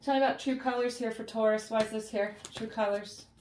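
A woman's voice: on the high side, fairly even intonation, brisk, reverberant, noisy background. A woman giving a casual tarot reading to her viewers, chatty and emotionally shaken, often ending her phrases with "okay?" and "guys". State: emotionally shaken, holding back tears. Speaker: tarot reader. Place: indoors at home, with a cat nearby.

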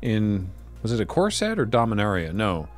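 A Canadian man hosts a casual card pack review, opening packs, reading the card text aloud, then riffing with lively, wry asides. His voice is fairly low and moderately paced, with soft music playing in the background.

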